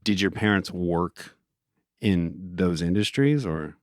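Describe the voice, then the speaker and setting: A man hosting a podcast, reading a measured, formal introduction and then asking interview questions. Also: low voice, animated, no echo, studio quality. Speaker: podcast host.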